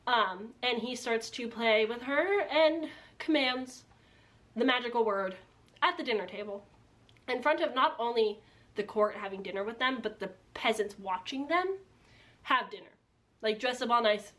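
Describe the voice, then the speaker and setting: A woman's voice: on the high side, a bit bright. Chatty, sarcastic young woman recapping a book. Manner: chatty, sarcastic, heavy use of "like". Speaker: book reviewer. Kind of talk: casual book recap and commentary. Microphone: built-in camera mic, no external microphone.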